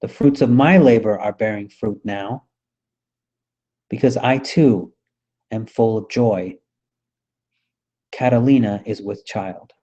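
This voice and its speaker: Man doing an old-time bartender, courteous, formal, lower voice, dull audio. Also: takes it slowly, long pauses, warm tone. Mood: dignified. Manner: stately, formal diction.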